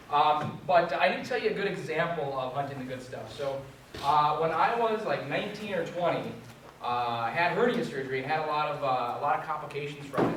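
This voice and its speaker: A young man telling a funny story to a group as a trainer, animated and self-mocking. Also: on the high side, background noise. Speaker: resilience trainer. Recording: echoey room from far off.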